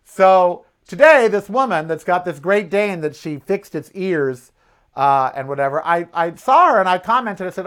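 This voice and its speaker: A gay man hosts his own talk show, telling stories and ranting in an animated, high-pitched voice. His pitch swoops all over as he acts out quoted exchanges and vents his indignation. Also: moderate pace, clear, resonant tone. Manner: indignant, ranting about politics. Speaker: podcast host. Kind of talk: casual opinion monologue.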